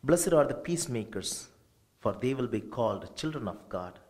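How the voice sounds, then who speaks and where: A man, a priest, leading a funeral service with slow, measured liturgical prayers and readings. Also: medium pitch, animated, a little mellow.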